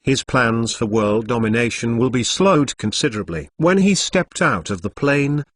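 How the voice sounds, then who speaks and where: A man reading a story aloud as scripted narration in an even, synthetic manner. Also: mid-range voice, moderate pace.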